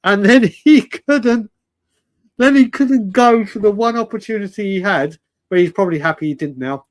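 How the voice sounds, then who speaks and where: A man's voice: high voice, normal speed. A man hosting a live fan stream, talking casually and rambling, laughing often and calling viewers mate and brother.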